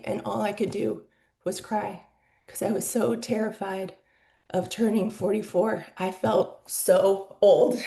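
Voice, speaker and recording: A woman's voice: mid-range voice, fairly even intonation, measured pace, gravelly, dark tone, reverberant. A woman in her forties telling her personal story as a podcast guest, candid and emotional, with lots of "like" fillers. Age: 40s.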